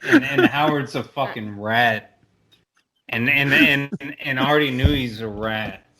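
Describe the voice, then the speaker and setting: Blunt, bright-voiced man on a podcast. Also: medium pitch, very animated, takes it slowly. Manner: blunt, profane, rambling. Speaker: podcast co-host. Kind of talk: casual podcast chat.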